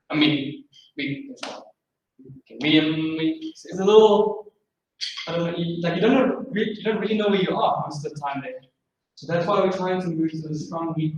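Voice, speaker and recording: A man's voice: fairly high pitch, a little hiss or hum. A man giving a drumming masterclass, explaining rhythms and counting beats aloud as he goes. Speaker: drumming instructor. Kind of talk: masterclass lecture. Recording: echoey room from far off.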